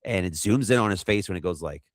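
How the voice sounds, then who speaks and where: A man co-hosting a podcast, rambling through a movie recap and acting out quotes in quick funny voices. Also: low-pitched, expressive, dry recording, studio quality. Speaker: podcast co-host. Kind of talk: casual movie recap chat.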